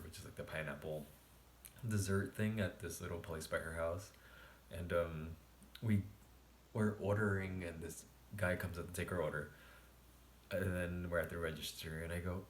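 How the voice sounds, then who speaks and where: Low-voiced man telling a late-night story. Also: echoey room, a little hiss or hum. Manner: quiet, low-key late-night storytelling with frequent laughter. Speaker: vlogger. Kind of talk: casual storytime. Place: room at home at night.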